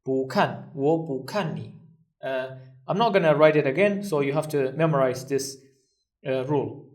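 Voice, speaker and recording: A man teaching a recorded language lesson, patiently repeating each phrase slowly and then translating it. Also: mid-range voice, distant mic.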